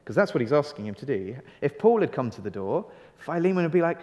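A man's voice: a little high, very animated, quick pace, few pauses, a little mellow, big-room sound. A male pastor giving a sermon in an earnest, conversational way, stretching key phrases for emphasis and asking rhetorical questions.

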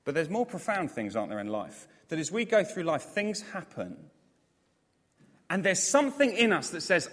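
A man preaching a sermon, animated and self-mocking, with jokey asides to the congregation. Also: high voice, moderate pace. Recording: long hall reverb.

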